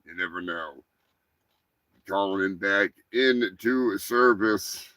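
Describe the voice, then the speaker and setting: A man hosting a crude comedic news show, talking in a profane, rambling, mock-gruff way. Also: sits low, slow, pushed and bright, dry recording. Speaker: host.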